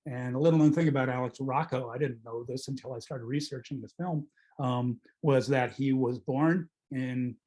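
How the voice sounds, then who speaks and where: A middle-aged male film critic leading a relaxed film club talk. His voice is husky and mid-pitched, and he wanders through his points with pauses and self-corrections. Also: poor audio. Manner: discursive, hesitant, self-correcting. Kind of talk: casual film discussion.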